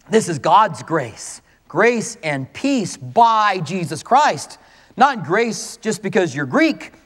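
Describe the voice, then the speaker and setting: A male pastor preaching a conversational, animated sermon to his congregation. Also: high voice, long reverb tail.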